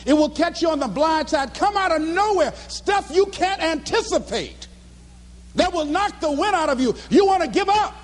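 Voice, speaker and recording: A man giving a live motivational speech in a fervent, preacher-like cadence, often breaking into shouts. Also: extremely high pitch, animated, normal speed, big-room sound. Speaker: motivational speaker.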